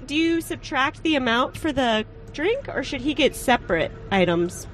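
Lively upbeat woman podcast co-host. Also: high voice, normal speed, slight background noise. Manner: chatty, upbeat, laughs often. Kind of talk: casual chat. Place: outdoor restaurant patio, earlier in a car at a drive-thru.

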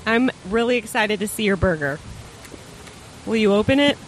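A woman's voice: mid-range voice, lively intonation, normal speed, slight background noise. A woman co-hosting a podcast in casual chat, upbeat and chatty with frequent laughs, recorded at a drive-thru and on an outdoor restaurant patio. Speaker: podcast co-host.

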